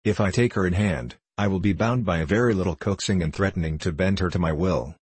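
A man voicing a scheming young man who presses his point in a slow, steady, insistent way. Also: low-pitched, slightly rough, dry recording.

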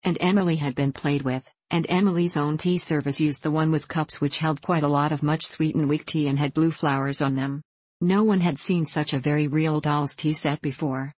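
A reader narrating a classic children's novel in a steady, measured way. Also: mid-range voice, dry recording. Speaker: audiobook reader. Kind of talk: scripted storybook narration.

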